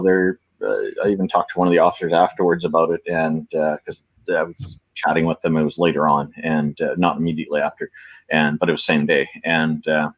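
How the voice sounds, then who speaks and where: A man's voice: deep voice, no room sound, rough recording. A man from Canada talking casually, rambling with many fillers and restarts. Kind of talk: casual conversation.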